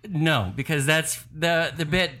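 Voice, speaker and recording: A man in casual podcast chat, telling comedy-world stories in a relaxed way and laughing at his own points. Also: on the high side, measured pace. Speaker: comedy insider guest.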